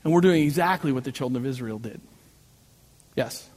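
A man preaching a sermon as pastor, telling personal stories with animated delivery and self-mocking jokes. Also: medium pitch, a little fast. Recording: long reverb of a large hall.

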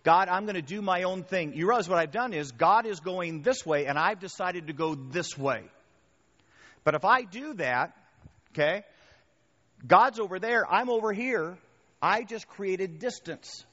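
A male pastor preaching a sermon in a conversational, animated way, often checking in with the crowd. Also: high voice, measured pace. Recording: reverberant hall, dull muffled sound.

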